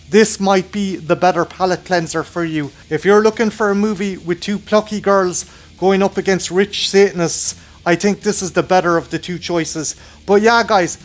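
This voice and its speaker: An Irish man hosting his own film review channel, talking casually and enthusiastically with plenty of swearing. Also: high voice. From Ireland.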